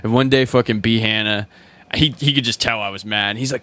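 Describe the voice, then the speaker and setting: A man talking in a loose, casual podcast, spinning long stories with plenty of swearing. His voice sits at an ordinary middle pitch and jumps up when he quotes people in his stories. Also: lively intonation, fairly quick, bright, forceful tone, dry recording. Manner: profane storyteller, voice jumps up when quoting people. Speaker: podcast co-host.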